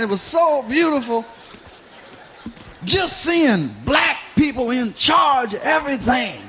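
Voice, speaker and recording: A man doing a stand-up routine, telling profane stories loudly and laughing along with his own jokes. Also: extremely high pitch, expressive, takes it slowly. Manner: loud, profane storytelling that keeps breaking into laughter. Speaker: stand-up comedian. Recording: noisy live recording.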